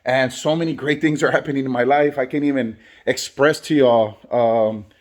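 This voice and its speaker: A man's voice: medium pitch, fairly even intonation, normal speed. A man who is a barber and father, talking earnestly in a motivational vlog and repeating phrases for emphasis. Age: adult, has kids. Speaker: barber and vlogger.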